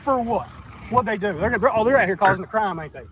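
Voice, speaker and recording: A man's voice: high-pitched, fast. A man arguing outside, heated and stammering, taunting the people he speaks to. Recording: street noise from a distance.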